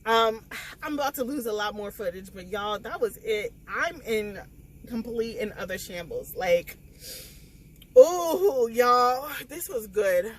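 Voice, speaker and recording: A woman, recapping a novel in a casual spoiler vlog, tearful and animated as she acts out the scenes. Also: mid-range voice, measured pace, poor audio. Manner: animated, emotional retelling with quoted dialogue. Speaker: book vlogger.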